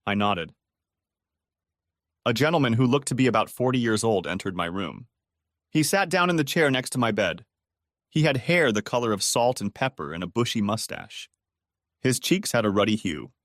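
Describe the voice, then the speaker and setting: Guy reading a dramatic story out loud, really lively voice, dry close sound. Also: on the low side, normal speed, no echo. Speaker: story narrator. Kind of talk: scripted first-person story narration.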